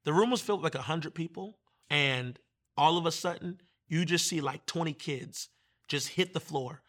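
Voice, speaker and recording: Telling his testimony conversationally, this Virginian guest minister speaks with a fairly high pitch at a moderate pace. He's animated throughout, performing the voices of those he quotes.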